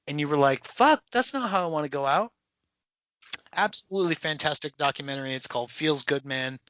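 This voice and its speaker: A man co-hosting a podcast in casual chat, animated and profane, acting out voices as he tells a story. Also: fairly high pitch, fairly quick, dry recording, lo-fi sound. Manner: animated, swearing, acts out people's voices. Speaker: podcast co-host.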